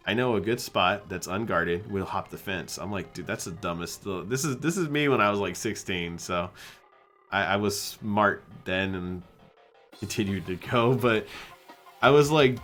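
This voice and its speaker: A young man chats on a live stream with a low voice that jumps up when he acts out other people in his story. He talks fast and easily, as if to friends, with faint music playing behind him. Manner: animated storyteller, acts out quotes in a higher voice. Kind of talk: casual live-stream chat.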